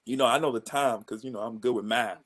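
A man's voice: mid-range voice, quick pace, fairly bright tone. A man joking and bantering on a video call in a slangy, playful way. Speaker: meeting co-host.

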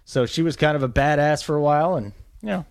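A man's voice: on the high side, fast talker, vocal fry, dry recording, studio quality. A man in his forties talking fantasy football as a radio guest, chatty and rambling, poking fun at himself. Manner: chatty, self-deprecating, rambling. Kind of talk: casual sports radio banter.

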